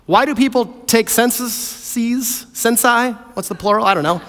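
A man preaching a sermon as pastor, animated and playfully acting out characters. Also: very high voice, a little slow. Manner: animated, acts out voices of characters. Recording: hall reverb.

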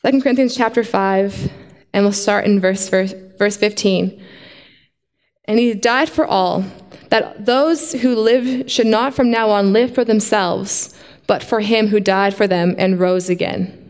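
A woman preaching a sermon to a congregation in a lively way, often asking them questions. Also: mid-range voice, measured pace, long reverb tail. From not from Australia.

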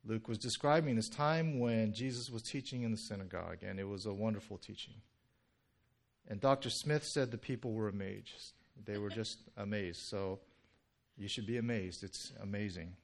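A young male pastor giving a casual, conversational sermon, full of "you know" and "right?", joking with the congregation. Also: medium pitch. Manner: chatty and animated, heavy "you know" and "right?" fillers, jokes with congregation.

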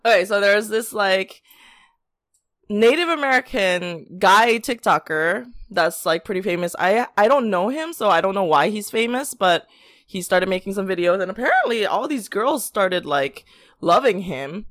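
A woman's voice: medium pitch, animated, normal speed, fairly bright tone, no room sound, studio quality. A woman co-hosting a podcast, chatting casually with a giggly, rambling way of talking full of "like". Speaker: podcast co-host. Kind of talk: casual gossip chat.

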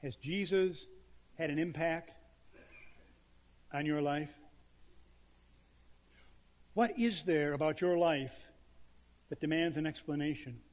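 Brief: male pastor preaching, fairly high voice, long church reverb. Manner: emphatic preaching with dramatic pauses. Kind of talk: sermon.

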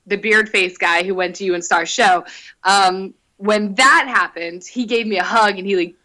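A young woman in casual chat, telling an animated story, laughing and swearing freely. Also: medium pitch, moderate pace, rough recording.

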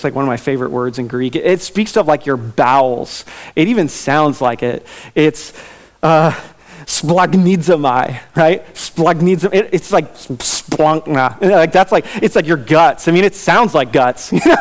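A man preaching a sermon in a relaxed, conversational way, with casual fillers and asides. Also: fairly high pitch. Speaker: pastor.

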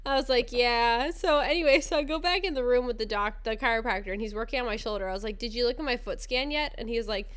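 Laughing, animated young woman storyteller. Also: fairly high pitch, quick pace, hardly any pauses, smooth. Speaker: podcast co-host. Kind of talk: casual chat, storytelling.

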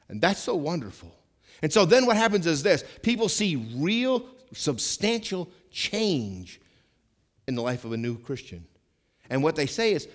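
A pastor in his forties preaching a sermon in church, swinging between loud, emphatic lines and hushed, slower ones. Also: on the high side, big pitch swings.

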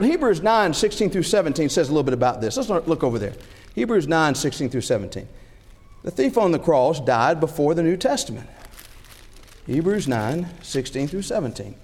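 Animated male preacher in a reverberant hall. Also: sits high. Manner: animated, rhetorical questions, acts out scenarios. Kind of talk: sermon.

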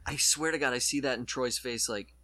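Bright-voiced man chatting excitedly. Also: medium pitch, brisk. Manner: excited, laughing, swearing, retelling scenes. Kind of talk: casual podcast chat.

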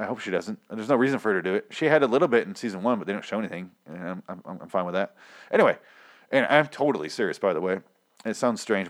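A man hosting a casual solo podcast, rambling and swearing freely as he recaps a TV series. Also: mid-range voice. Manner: rambling, profane, animated. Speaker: podcast host.

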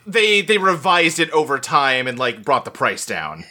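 A man in a casual movie chat, animated, reading out facts he looks up. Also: fairly high pitch, moderate pace.

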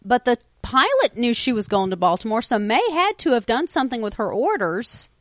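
A woman co-hosting a casual TV recap podcast with a scratchy, hoarse voice, chatting and reading out listener mail. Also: a little high, sing-song, brisk, no echo, clean studio sound. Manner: swears casually, reads listener feedback. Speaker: podcast co-host. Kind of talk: casual chat.

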